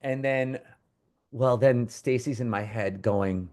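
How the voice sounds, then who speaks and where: A man co-hosting, telling a long personal story in a rambling, animated way with many restarts. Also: mid-range voice, slow pace. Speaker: co-host. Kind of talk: casual storytelling.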